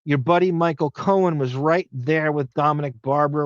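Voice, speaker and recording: A man with a Long Island accent hosts a podcast, chatting loosely and cursing as he thinks aloud over listener comments. His voice sits a bit high. The sound is dull and lo-fi, with a dry, close feel. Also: normal speed, no room sound. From Long Island, New York. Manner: rambling, profane, thinking aloud. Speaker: podcast host. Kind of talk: casual live chat reading listener comments.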